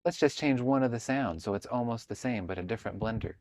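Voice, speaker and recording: A man's voice: medium pitch, fast talker, a little mellow, dry recording. A man teaching a sample online reading lesson, patiently sounding out word parts and blending them into words. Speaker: reading tutor. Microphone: computer mic, online session.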